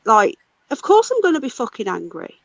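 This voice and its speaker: A British woman hosts a livestream, fuming and swearing as she rants. Her voice sits fairly high and the sound is very dry and close. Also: wildly swooping pitch, a little fast, creaky, no room sound, muffled recording. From United Kingdom. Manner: angry, ranting, swears a lot. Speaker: livestream host. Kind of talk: casual livestream chat.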